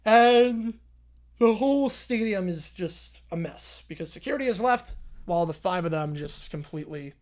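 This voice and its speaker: A man hosting a casual stream, reading a story aloud with quick asides. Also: high voice, expressive, a little mellow. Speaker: streamer host.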